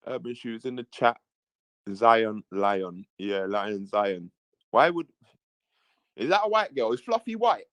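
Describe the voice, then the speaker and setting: A man's voice: fairly low pitch, animated, takes it slowly, pauses often, a bit bright, no echo. A man live-streaming who reads viewers' chat messages aloud and chats casually, often repeating himself.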